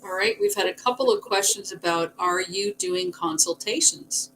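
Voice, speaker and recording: A woman's voice: fairly low pitch, lively intonation, normal speed, a bit bright, a little hiss or hum, rough recording. A woman co-hosting a live show who briefly relays viewer questions in a matter-of-fact way. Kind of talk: live online talk show.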